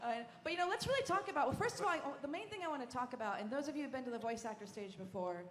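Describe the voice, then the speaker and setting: A woman moderating a live convention panel, effusive and quick, often restarting her sentences. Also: high-pitched, expressive, background noise. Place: large convention hall stage. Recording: reverberant hall with crowd ambience.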